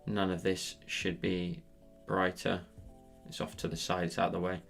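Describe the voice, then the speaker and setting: A deep-voiced man with a Scottish accent and a gravelly edge talks through a live digital painting tutorial. He is chatty and joking as he answers viewers between steps. Faint music plays softly behind him. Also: completely flat delivery, normal speed. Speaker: livestreaming digital artist. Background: faint background music.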